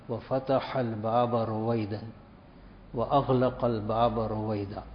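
A man giving a sermon in a mosque, measured and repetitive, dropping to soft tones for emphasis. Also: mid-range voice, slight background noise. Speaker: imam giving a talk. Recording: dull, reverberant hall recording.

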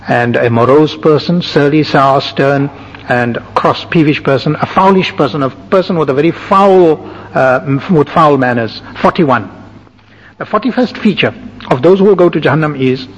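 A man giving a sermon, calmly listing and explaining numbered points to his listeners. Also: on the high side, normal speed, slightly rough. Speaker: religious teacher. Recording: dull, echoing hall recording.

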